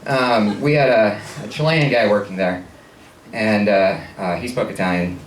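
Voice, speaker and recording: A man's voice: on the low side, fairly even intonation, moderate pace, roomy sound, recorded from a distance, slight background noise, poor audio. A man performing a stand-up comedy set, telling stories and acting out the people in them. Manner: storytelling, acts out people's voices. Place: comedy showcase stage with audience. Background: audience laughter.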